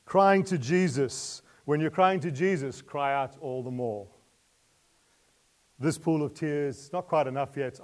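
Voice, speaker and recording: A man's mid-range voice carries a sermon that alternates between quiet asides and loud, emotional pleas. He asks the congregation questions and laughs lightly between his points.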